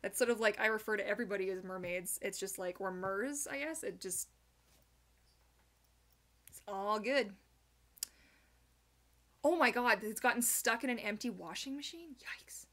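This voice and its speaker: A young woman hosting a live Q&A, chatting casually and reading viewer comments aloud with animated, giggly asides. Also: medium pitch, moderate pace, pauses often. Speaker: livestream host answering viewer questions.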